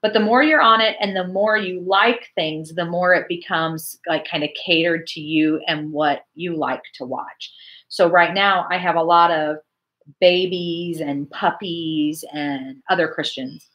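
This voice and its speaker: A woman in her forties hosts a casual church livestream chat, reading viewer comments and chatting in an animated way. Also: fairly low pitch, unhurried, muffled recording.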